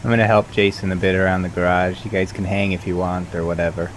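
A man playing a tabletop role-playing game, relaxed and offhand. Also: sits low, quick pace, a little hiss or hum. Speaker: player.

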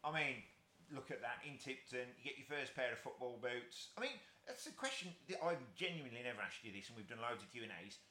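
A man's voice: medium pitch, quick pace, pushed and bright. A man hosting a podcast, asking his guest questions with enthusiastic admiration. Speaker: podcast host. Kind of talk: interview questions. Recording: roomy echo.

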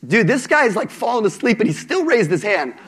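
A man preaching a sermon to a congregation, conversational and animated, with jokes and asides to the audience. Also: high-pitched, a little fast, breathy edge.

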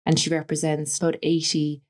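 A woman with a West Cork Irish accent speaks in a fairly low, grounded register for a woman. She is a podcast guest telling long anecdotes, with plenty of "like" and "you know" woven through her talk. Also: monotone, fairly quick, darkish tone. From Ireland, West Cork. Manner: chatty, anecdotal, frequent fillers like "like" and "you know". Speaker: guest, stylist. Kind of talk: casual interview storytelling.

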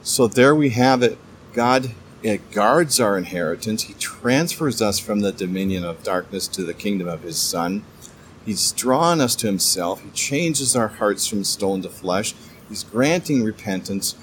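A man giving a casual devotional Bible talk, enthusiastic but halting, often stammering and restarting his sentences. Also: fairly low pitch, animated, slight background noise. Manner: enthusiastic, keeps calling things cool. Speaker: Bible teacher.

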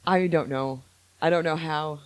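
A man hosting a casual podcast chat, voicing strong opinions with animated energy and frequent laughter. His voice sits fairly high for a man. The sound is close and dry. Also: a little slow, dry recording. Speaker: podcast host.

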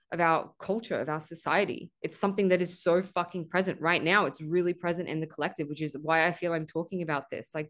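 A woman hosting a podcast, giving an earnest spiritual monologue, stressing points with swearing and a habitual "right?". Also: on the low side. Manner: earnest, repeats "right?" often, swears for emphasis. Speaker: podcast host.

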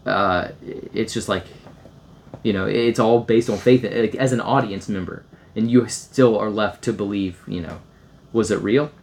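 A man's voice: fairly low pitch, unhurried, vocal fry, a little mellow. A man co-hosting a podcast, talking casually about a film, rambling with many fillers and restarts. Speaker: podcast co-host.

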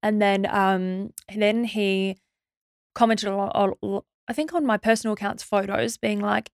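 Animated woman with vocal fry. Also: medium pitch, no room sound, studio quality. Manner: animated, rapid retelling with fillers and restarts. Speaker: podcast guest. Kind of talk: casual storytelling interview.

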